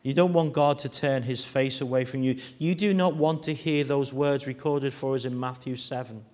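A man preaching a sermon, dropping to hushed tones and rising to loud, acted-out quotes. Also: medium pitch, fairly even intonation, moderate pace. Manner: dramatic shifts from hushed to loud, acting out quoted voices.

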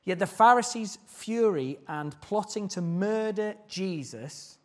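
A man's voice: high voice, animated, slow pace. A man preaching a sermon, earnest and putting questions to the congregation.

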